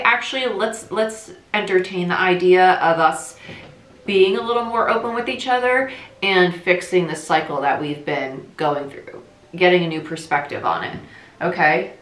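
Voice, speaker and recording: A young woman from New Jersey giving a casual tarot reading, talking quickly in a chatty, rambling way. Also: low voice, sharp tone. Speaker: tarot reader. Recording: echoey room.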